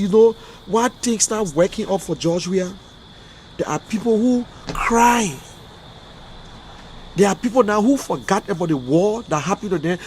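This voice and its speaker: A Liberian man delivering an emotional, repetitive political rant as a commentator, swinging between loud outbursts and quiet, subdued stretches. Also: high-pitched, slight background noise. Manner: emotional, repetitive, rising and falling intensity. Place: in America.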